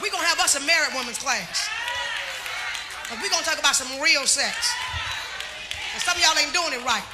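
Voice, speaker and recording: A high-voiced middle-aged woman preaches a lively sermon, calling to the congregation and drawing loud replies. The recording is a live church service, with constant noise and a responsive crowd behind her. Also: fairly quick. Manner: testifying and shouting to the congregation, call-and-response. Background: congregation laughing and responding.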